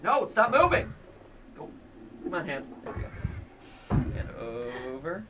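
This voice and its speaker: A man hosting a live VR gameplay session, excitable and joking, with sudden shouty outbursts. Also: on the high side, unhurried, recorded from a distance, slight background noise. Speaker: host. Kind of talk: playing a VR game live, joking banter. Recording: game audio and music loud behind, voice off-mic.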